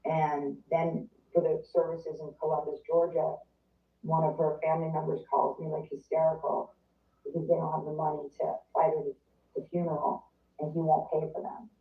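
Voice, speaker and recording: A woman's voice: low-pitched, level tone, normal speed. A woman guest in a casual interview, telling a story in a chatty way, full of "like" and acted-out quotes. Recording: distant, roomy, phone-like sound.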